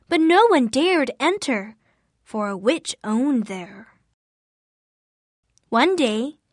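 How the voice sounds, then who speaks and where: A woman narrating a children's storybook in English with slow, clear, careful reading. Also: high-pitched, a bit bright, dry recording, studio quality.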